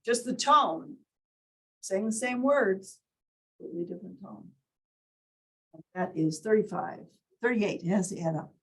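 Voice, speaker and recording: Woman teaching a group in a meeting room, kinda husky, asks them questions as she goes. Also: mid-range voice, normal speed, pauses often, a little mellow, poor audio. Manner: quizzes the group, demonstrates tones of voice. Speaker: workshop leader. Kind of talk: interactive teaching talk. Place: indoor meeting room with window blinds.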